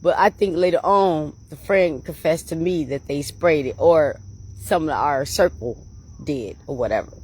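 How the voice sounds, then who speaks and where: Animated woman telling stories to her viewers. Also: low-pitched, normal speed, slightly rough. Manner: animated, laughs often, addresses viewers as y'all. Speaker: channel host. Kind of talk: casual storytelling to viewers.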